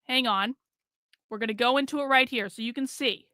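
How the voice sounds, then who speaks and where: Furious swearing woman streamer, high bright voice. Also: fairly quick, dry recording, studio quality. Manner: furious, swearing, repeating herself. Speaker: live streamer. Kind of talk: angry live stream rant.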